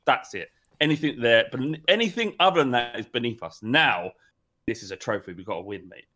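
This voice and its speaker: A man's voice: medium pitch, lively intonation, sharp tone. A man co-hosting a casual football podcast, emphatic and indignant. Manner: emphatic, indignant, quick to agree. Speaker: podcast co-host.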